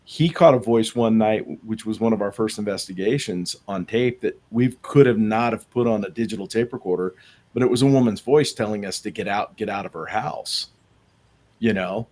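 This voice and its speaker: A man with a lowish, somewhat dark voice talks a little fast as a guest on a casual podcast. He investigates the paranormal and tells rambling anecdotes, restarting often.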